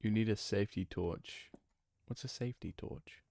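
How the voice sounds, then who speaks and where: A man's voice: lowish voice, normal speed, vocal fry, mellow, dry recording. A young man streaming a game, chatting casually and laughing, flustered and rambling. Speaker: gaming streamer.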